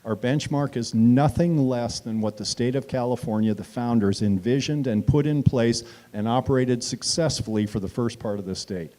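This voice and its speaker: A man's voice: mid-range voice, normal speed, hardly any pauses, warm tone. A man giving an impassioned speech at a town hall meeting, acting out quoted exchanges and addressing the audience directly.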